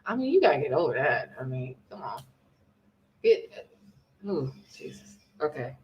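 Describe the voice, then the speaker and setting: A woman co-hosting a live talk stream, reacting with laughs and quick exclamations. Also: rumbling low, very animated, highs cut off, a little hiss or hum. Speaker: livestream co-host.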